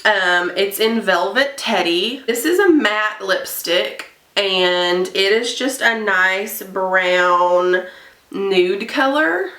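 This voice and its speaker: A woman's voice: medium pitch, animated, extremely slow, fairly bright tone. A young woman, a hairstylist, chatting casually and bluntly through a makeup review, getting heated about products she dislikes. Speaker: beauty vlogger and hairstylist. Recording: echoey room, a bit far from mic.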